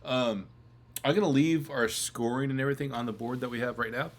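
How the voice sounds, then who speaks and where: Hiccuping man co-hosting a casual chat. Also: mid-range voice. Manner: halting, apologetic, restarts often. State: has the hiccups. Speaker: co-host.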